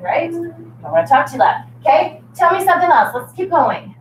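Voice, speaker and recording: A woman's voice: very high-pitched, lively intonation, fairly quick, background noise. A woman teacher leading a reading lesson, coaxing and prompting her students in an upbeat way. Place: classroom. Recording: echoey classroom from far off.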